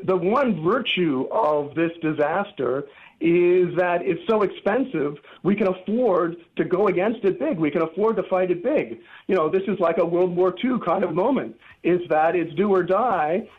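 A man's voice: sits high, normal speed. A man, an economics professor, speaking as a guest on a phone interview and making his case emphatically with punchy slogans. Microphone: telephone. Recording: tinny phone line.

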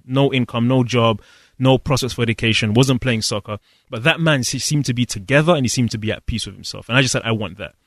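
A man tells a personal story in an interview. He speaks earnestly and reflectively, pausing and restarting as he searches for words. The sound is dry and close. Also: mid-range voice, no echo. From London, England. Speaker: guest.

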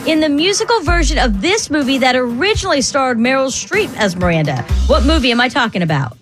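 A woman hosting a morning radio quiz show, brisk and playful, quick to laugh. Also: high voice, big pitch swings, faint music behind.

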